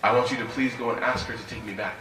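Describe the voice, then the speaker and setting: A man voicing a heartbroken young husband who pleads quietly, in an echoey hall. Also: medium pitch, steady tone, quick pace, recorded from a distance, close to an everyday voice. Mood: pleading.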